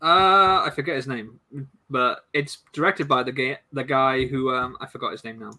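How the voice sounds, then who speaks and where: A man co-hosts a casual live-stream chat, telling stories in a rambling way and often trailing off before restarting. His mid-range voice moves at normal speed with a sharp tone.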